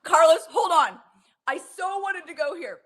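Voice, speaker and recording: A woman co-hosts a casual reality show recap in a high, lively voice with a bright edge. She sounds exasperated and animated. She laughs often as she vents. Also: a little slow. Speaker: co-host.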